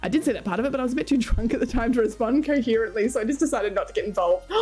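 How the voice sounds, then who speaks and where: A woman's voice: a little high, very fast, darkish tone, slightly rough. A young Australian woman streaming, chatting casually with her viewers in a playful, rambling way. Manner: playful, rambling, laughs often, swears. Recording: faint music behind.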